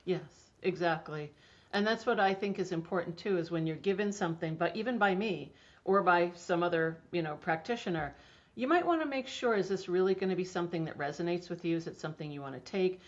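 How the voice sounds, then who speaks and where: A woman's voice: fairly low pitch, expressive, fairly quick. A middle-aged woman guest talking enthusiastically about homeopathy in a casual interview, chatty with many restarts. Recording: dull lo-fi audio.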